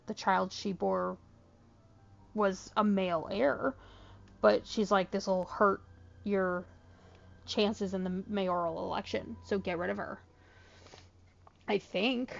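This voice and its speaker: A sleepy woman playing a video game who talks through her thoughts and reads in-game letters aloud in a measured way. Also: medium pitch, creaky, darkish tone, dull audio. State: sleepy, yawning. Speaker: let's play gamer. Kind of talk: casual gameplay commentary, reading in-game letters aloud.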